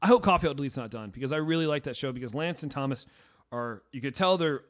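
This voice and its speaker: A man's voice: medium pitch, animated, fast, a bit bright. A man hosting a podcast, rambling and swearing in casual, crude chat. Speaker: podcast host.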